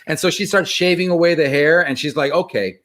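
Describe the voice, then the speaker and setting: A man telling a personal story in casual conversation, animated and self-deprecating. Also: on the high side, a little fast.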